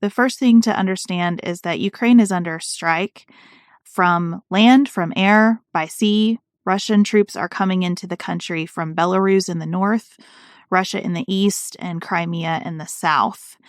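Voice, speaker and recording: A woman's voice: on the low side, measured pace, no echo, clean studio sound. A woman co-hosting a political podcast, talking earnestly and reading quotes aloud with emphasis. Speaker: podcast co-host.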